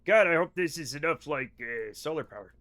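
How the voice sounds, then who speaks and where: Streaming a game live, a man chats casually with viewers, rambling, cursing and joking. His voice is a little high and a bit bright, animated and a little fast.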